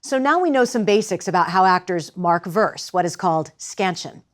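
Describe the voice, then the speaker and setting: A woman instructor explaining the rhythm of verse and directing actors, in a clear, patient teaching voice. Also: on the low side, lively intonation, moderate pace. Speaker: theater instructor. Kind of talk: lecture with live demonstration.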